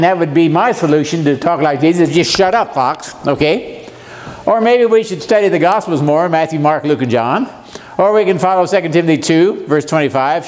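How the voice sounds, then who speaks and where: A man in his seventies with a drawl teaches a Bible lesson to a congregation. His voice sits somewhat high for a man. He keeps the tone folksy, throwing questions and jokes out to the listeners. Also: a little mellow. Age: 70s. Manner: joking, asks the audience questions. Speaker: seminar speaker.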